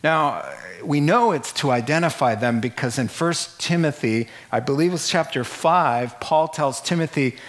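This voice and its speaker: Animated, joking male pastor. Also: moderate pace. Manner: animated, jokey, jumps to high exclamations. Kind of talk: sermon.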